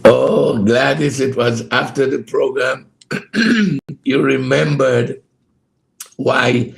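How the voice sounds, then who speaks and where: Male ministry host, unhurried delivery with a gravelly edge; chatty and hesitant, addresses listeners by name. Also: mid-range voice. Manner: hesitant, many fillers, greets listeners by name, laughs heartily. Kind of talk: casual devotional broadcast chat. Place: home studio room.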